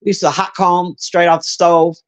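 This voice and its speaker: A man with a high-pitched voice streams live, chatting casually with his viewers. He swears freely and rambles with plenty of fillers, calling out people in chat by name. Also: level tone, normal speed. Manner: profane, rambling, with many fillers; talks straight to chat by name.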